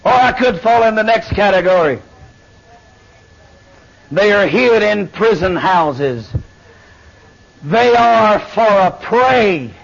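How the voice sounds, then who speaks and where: A man preaching a fiery sermon, swinging between shouted lines and low murmurs. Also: lively intonation, takes it slowly, creaky, long pauses. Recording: dull lo-fi sermon recording.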